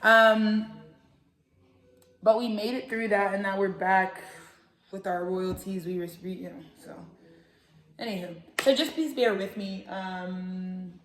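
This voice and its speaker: A young woman hosting a tarot channel, talking in a casual, rambling and profane way with animated jokey asides. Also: medium pitch, slow pace, pauses often. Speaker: tarot reader and channel host. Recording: echoey room.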